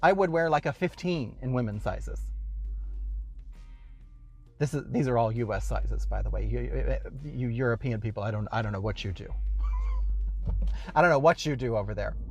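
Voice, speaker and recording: A man's voice: medium pitch, lively intonation, normal speed, pauses often, a little mellow, soft background music. A man hosting a casual show from his car while driving, rambling with wry, exasperated asides. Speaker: host.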